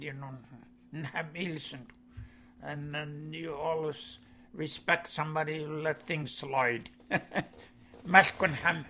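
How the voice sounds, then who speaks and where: A man teaching vocabulary. He says each word, then explains its meaning in plain, halting English with many "you know"s. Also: a little high, sharp tone. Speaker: language teacher.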